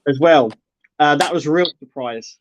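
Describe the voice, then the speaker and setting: A man's voice: on the high side, normal speed, background noise. A man co-hosting a podcast, speaking casually and agreeably. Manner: agreeable, chips in with short yeahs. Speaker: podcast co-host. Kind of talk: casual wrestling chat.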